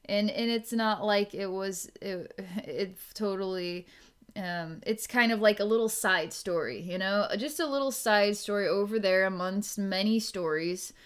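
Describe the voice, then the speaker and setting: A woman psychic giving an energy reading, musing aloud in a halting way and restarting her sentences as she goes. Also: medium pitch, clean tone. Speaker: psychic reader.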